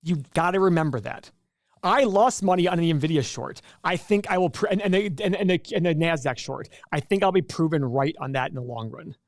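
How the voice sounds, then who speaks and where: A man's voice: on the high side, a little fast, dry recording. Chatty joking male livestream host. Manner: chatty, jokey, self-interrupting. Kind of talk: casual livestream chat.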